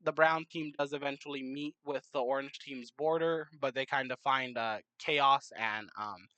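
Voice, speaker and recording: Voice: mid-range voice, moderate pace, pushed and bright, dry recording, rough recording. Rambling casual map-series narrator, dry sound. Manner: rambling, many fillers and self-corrections, joking asides. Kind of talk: casual game commentary.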